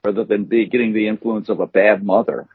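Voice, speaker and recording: Rambling husky man on a tinny line. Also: on the low side, little pitch movement, brisk, dry recording. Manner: rambling, hesitant, many fillers. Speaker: podcast co-host. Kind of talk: casual banter. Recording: tinny phone-like sound.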